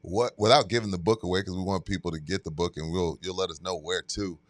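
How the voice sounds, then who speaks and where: Deep-voiced male host, dry sound. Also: steady tone, fast talker, no room sound. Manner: rambling, restarting questions. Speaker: show host. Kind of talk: casual interview questions.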